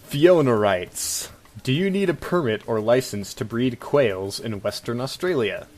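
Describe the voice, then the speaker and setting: A man's voice: medium pitch, lively intonation, unhurried, a little mellow. Wry man co-hosting a comedy show. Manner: wry, mocking, laughs often. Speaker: podcast co-host. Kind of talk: casual comedic chat. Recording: faint music bed underneath.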